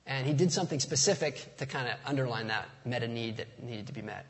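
A man's voice: medium pitch, quick pace, few pauses. Joking male pastor in a reverberant hall. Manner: casual, joking, conversational preaching. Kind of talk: sermon. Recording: long reverb of a large hall.

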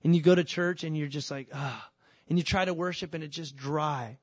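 A middle-aged man preaching a sermon as pastor, animated and acting out little voices and quotes as he teaches. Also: a little high, a little fast, no room sound. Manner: animated, acts out voices of God and his kids.

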